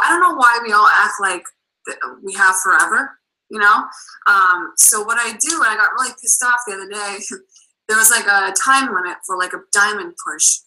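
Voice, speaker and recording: Boston woman on a team call, super bright voice, talks in quick chatty bursts with lots of "like". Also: medium pitch, low-quality recording. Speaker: guest coach. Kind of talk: casual chat on a team call.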